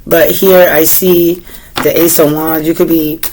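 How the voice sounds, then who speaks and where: A woman with a Boston accent does a casual tarot reading, talking freely, posing questions to the cards out loud, and clearing her throat often. Her voice is deep and a bit slow and mellow, with a flat delivery. The recording is rough.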